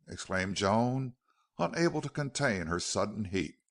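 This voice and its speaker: Male audiobook reader, low gravelly voice, lively intonation, expressive narration. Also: a little slow.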